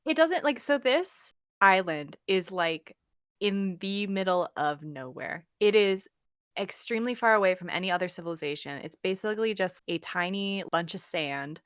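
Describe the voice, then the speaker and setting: A woman's voice: medium pitch, lively intonation, moderate pace, a bit bright, smooth, no echo, studio quality. A woman co-hosting a podcast, recapping a book's plot in a chatty, casual way with frequent laughs. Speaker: podcast co-host. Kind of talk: casual book discussion.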